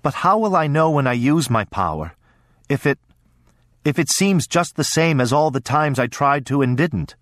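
A troubled young boy, anxious and close to tears, his voice lifted high and pleading in halting bursts, as a male narrator puts him on. Dry, close recording with no room sound. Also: lively intonation, fairly bright tone, no room sound. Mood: earnest, troubled.

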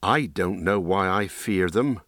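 A man's voice: low-pitched, measured pace, a bit bright, no room sound, studio quality. A man voicing a frightened young companion in an audiobook, raising his voice and speaking hesitantly. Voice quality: hesitant and shaky. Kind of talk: audiobook reading.

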